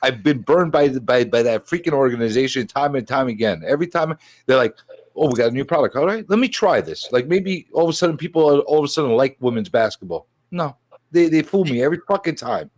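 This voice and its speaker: A man's voice: medium pitch, animated, fast talker, no echo. A man co-hosting a casual podcast, blunt and profane. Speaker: podcast co-host. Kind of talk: casual chat.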